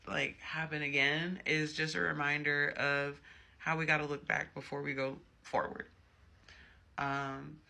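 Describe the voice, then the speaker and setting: Man, tarot reader, chatty, emphatic, gravelly, sharp bright tone. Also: on the high side. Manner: chatty and emphatic, personal asides. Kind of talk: casual tarot reading.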